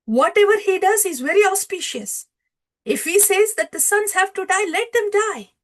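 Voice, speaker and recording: A devoted man speaks fervently in a high, raised voice, as a woman lecturer acts him out. He is humble and earnest. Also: lively intonation, normal speed. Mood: rebuking. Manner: fervent, pleading.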